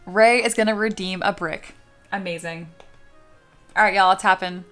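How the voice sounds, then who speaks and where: A woman's voice: mid-range voice, fairly even intonation, normal speed, fairly bright tone, soft background music. Young woman streamer in mock outrage. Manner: dramatic mock outrage, swears. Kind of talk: casual live-stream chat.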